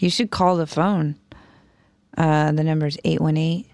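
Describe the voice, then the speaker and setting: A woman's voice: low voice, normal speed, a little mellow, dry recording. A woman hosting a live stream, chatting casually and reading chat messages aloud. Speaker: stream host.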